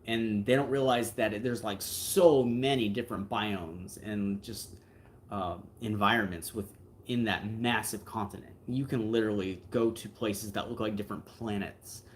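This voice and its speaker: A relaxed man hosts a livestream and chats loosely with his viewers. His voice sits a little low, and he rambles along with plenty of fillers and asides. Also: normal speed, a little hiss or hum. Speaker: livestream host. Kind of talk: casual livestream chat, answering viewer comments.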